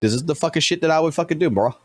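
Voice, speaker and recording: A man streaming live commentary, blunt and profane, talking fast and animated. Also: on the high side, dry recording.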